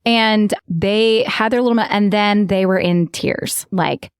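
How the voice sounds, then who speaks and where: A woman's voice: medium pitch, measured pace, clean tone, no room sound, clean studio sound. A woman co-hosting a podcast, chatting casually and telling stories with acted-out quotes and frequent laughs. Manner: animated storyteller who acts out quotes and laughs often. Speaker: podcast co-host. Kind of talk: casual chat.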